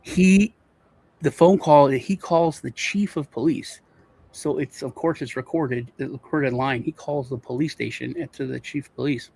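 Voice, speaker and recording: Gravelly-voiced man rambling in casual chat. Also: mid-range voice, moderate pace, a little mellow. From Europe. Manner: rambling, repeats words, stumbles through restarts. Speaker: co-host.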